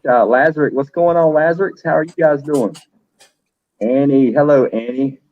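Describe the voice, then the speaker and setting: Speaking at normal speed in a mid-range voice, a middle-aged man runs a casual livestream, swearing occasionally and calling out viewers by name. The audio sounds dull.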